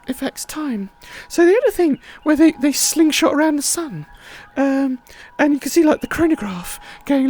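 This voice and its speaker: A woman's voice: high voice, darkish tone. A woman hosting a livestream, chatting in a rambling, casual way with many fillers. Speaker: livestream host.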